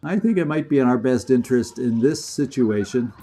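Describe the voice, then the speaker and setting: A man streaming a video game, chatting and commentating as he plays, getting excited and laughing often. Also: medium pitch, a little fast, slight background noise. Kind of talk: live gameplay commentary.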